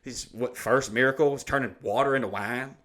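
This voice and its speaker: A man's voice: mid-range voice, fairly quick, a bit bright. Profane man spinning a rambling story. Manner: profane, rambling anecdotes acting out quoted dialogue. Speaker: podcast co-host. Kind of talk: comedic storytelling chat.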